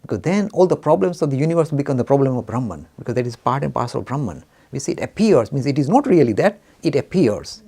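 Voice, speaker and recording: Animated, gravelly-voiced male lecturer. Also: medium pitch, fast, hardly any pauses. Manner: asks rhetorical questions and acts out both sides of a dialogue. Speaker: lecturer on religion. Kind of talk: lively lecture.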